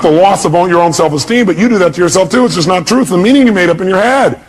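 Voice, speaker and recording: A man's voice: high voice, animated, racing, few pauses. Emphatic male motivational speaker. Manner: emphatic, fires rhetorical questions, blunt and salty. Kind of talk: motivational speech to a live audience.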